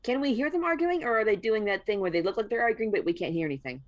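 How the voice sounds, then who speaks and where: A woman's voice: mid-range voice, animated, quick pace, dry recording, dull audio. A woman player in a tabletop game who shifts between casual chat and formal in-character lines.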